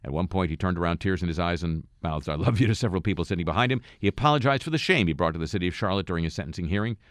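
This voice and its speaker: Low-voiced wry radio host. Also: male voice, very fast, dry recording, studio quality. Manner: wry, deadpan asides between news items. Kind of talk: satirical news commentary.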